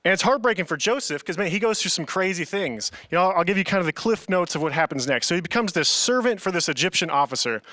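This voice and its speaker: A man's voice: sits high, expressive, fast, few pauses, sharp tone, no echo. A young man preaching a casual, earnest youth sermon, often saying "man" to his listeners. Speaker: youth pastor.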